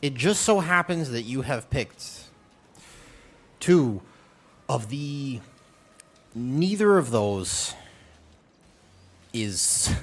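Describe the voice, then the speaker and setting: Young male streamer, animated pitch, playful and rambling with chat, casual livestream.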